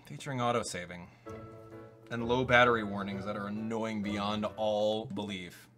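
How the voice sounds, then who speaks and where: A young man giving casual live-stream commentary on a video game, swinging from low mumbles to loud disbelief. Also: steady tone, moderate pace, faint music behind. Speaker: gaming YouTuber.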